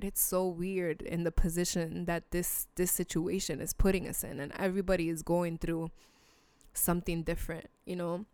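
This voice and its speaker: A woman with a low, gravelly voice talks straight to her listeners in a solo podcast episode. She is blunt and earnest, casual with some swearing, and deeply sincere. The sound is smooth and dry. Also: flat delivery, moderate pace, darkish tone, dry recording. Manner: emotional, sincere appeals to listeners. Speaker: podcast host. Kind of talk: heartfelt solo podcast talk.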